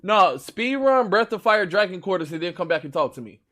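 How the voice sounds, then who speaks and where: A man with a Chicago accent, hosting a stream with loud, profane, boastful trash talk about games. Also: sits high, lively intonation, brisk. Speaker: stream host. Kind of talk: casual gaming chat.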